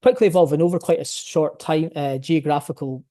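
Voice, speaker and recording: A man's voice: fairly high pitch, a little fast, warm tone. A man presenting his research in an academic talk, explaining his findings and thinking aloud as he goes.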